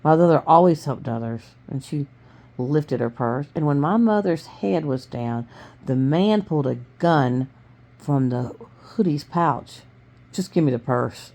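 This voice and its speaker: A woman reading a novel aloud to her family in plain, steady storytelling with small stumbles. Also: low voice, a little slow. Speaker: family reader.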